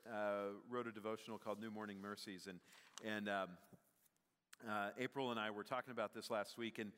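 A man's voice: fairly low pitch, level tone, a little fast, a bit bright, slight background noise. A man preaching a sermon as pastor, conversational with many fillers, building to emphatic peaks. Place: church sanctuary. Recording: long hall reverb, church sanctuary.

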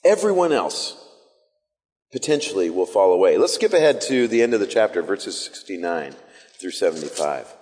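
Animated young preacher in an echoey hall. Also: male voice, deep voice, moderate pace. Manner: animated, acts out the disciples' voices. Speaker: pastor. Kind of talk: sermon.

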